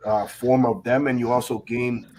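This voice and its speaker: A man's voice: medium pitch, flat delivery, moderate pace, a little mellow, poor audio. A man with a mid-range voice holds forth earnestly, stumbling over repeated words and swearing as he reasons aloud. A faint hiss sits under his voice. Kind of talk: casual stream chat.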